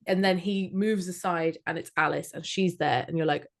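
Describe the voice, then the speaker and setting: A low-voiced woman co-hosting a fan podcast in casual chat. She rambles excitedly, doubling back and restarting her sentences as ideas tumble out. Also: normal speed. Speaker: podcast co-host.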